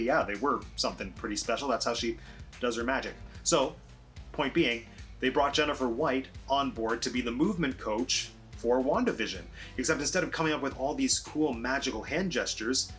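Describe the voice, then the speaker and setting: A man's voice: mid-range voice, a bit bright. Eager, gushing man reviewing a show. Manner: eager, gushing, with sudden emphatic lifts. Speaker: film and TV reviewer. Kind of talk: enthusiastic review vlog.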